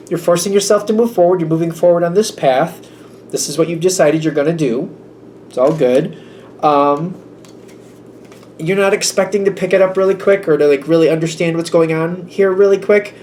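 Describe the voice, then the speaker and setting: A man's voice: a little high, a little fast, darkish tone, slight background noise. A man giving a casual tarot reading, rambling and thinking aloud, acting out little quoted exchanges. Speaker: tarot reader.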